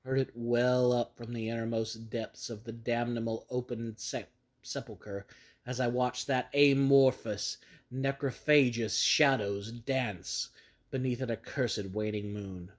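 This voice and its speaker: A man narrating a horror story in a grave, measured storytelling manner. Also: mid-range voice, fairly even intonation. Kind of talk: dramatic reading of a horror story.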